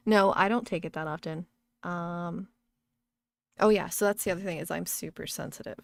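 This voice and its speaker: A woman's voice: fairly low pitch, lively intonation, a little fast, vocal fry. A woman streamer chatting casually while gaming, rambling, laughing often and swearing freely.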